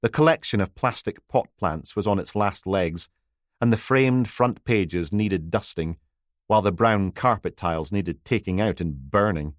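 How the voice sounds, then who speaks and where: A man's voice: deep voice, a little slow, no room sound, studio quality. Man reading a crime audiobook. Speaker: audiobook narrator. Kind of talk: scripted narration of a crime novel.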